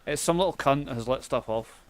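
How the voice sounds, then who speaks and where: A man's voice: mid-range voice, brisk. A Scottish man live streaming a game, chatting casually and swearing freely as he thanks viewers. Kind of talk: casual gameplay chat.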